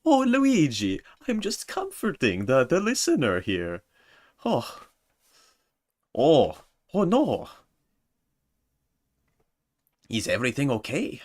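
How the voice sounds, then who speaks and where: A man voicing a goofy plumber hero comforting a listener, in an exaggerated, cartoonish, mock soothing way with a squeaky high falsetto. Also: huge pitch swings, slow pace, a little mellow. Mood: fussing.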